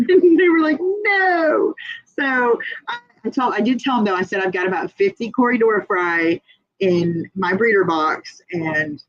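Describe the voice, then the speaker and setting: An American woman with a mid-range voice hosts a casual livestream, chatting, laughing often and reading viewer comments aloud. The recording is muffled, with no echo.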